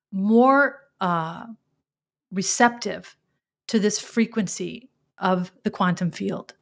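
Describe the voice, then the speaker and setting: A middle-aged woman hosting a podcast, talking in an earnest, emotional way in a reflective spiritual monologue, often restarting her words. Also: medium pitch. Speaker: podcast host.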